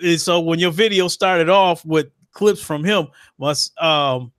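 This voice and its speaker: A man's voice: on the high side, a little slow, a bit bright, no echo, clean studio sound. A man hosting a casual gaming podcast, rambling with frequent ums and hesitations. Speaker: podcast host, YouTuber.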